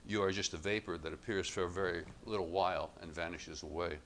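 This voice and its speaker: A man preaching a sermon to his congregation, measured and emphatic, setting up contrasts and lifting his voice on quoted lines. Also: sits low, steady tone, fairly bright tone, slight background noise.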